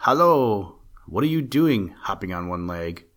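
A man voicing a naive, eager young male simpleton who calls out brightly in a storybook reading. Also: mid-range voice, lively intonation, normal speed, pitched above the performer's own voice, lightly acted.

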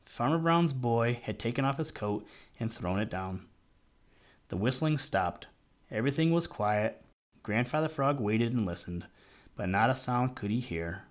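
A man narrating a children's audiobook in a measured, gently expressive storytelling manner. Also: medium pitch.

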